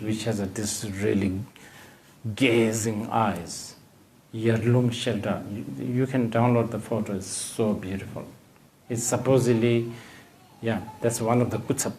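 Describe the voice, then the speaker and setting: A man with a Bhutanese accent giving a Buddhist dharma teaching, with halting, hesitant phrasing and many fillers. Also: mid-range voice, a little mellow.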